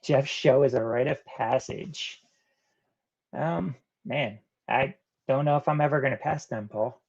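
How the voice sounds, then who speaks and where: A man hosting a casual live stream, reading viewers' chat comments aloud and answering them in a relaxed, rambling way. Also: mid-range voice, measured pace, lo-fi sound. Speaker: live-stream host of a reselling channel.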